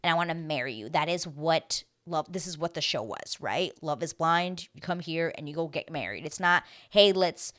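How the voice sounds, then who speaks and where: A woman's voice: normal speed, few pauses. A woman giving a casual, chatty recap of a reality show, talking animatedly and filling her sentences with "like.". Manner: animated, heavy use of "like", dramatic swings in pitch and loudness.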